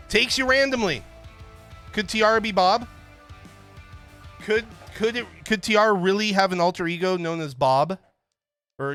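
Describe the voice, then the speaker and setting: A male stream host rambles and jokes with his viewers in a loose, casual way. His voice sits high and sounds bright and forward. Faint music plays underneath. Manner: rambling, jokey, chatting with viewers. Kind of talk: casual livestream chat.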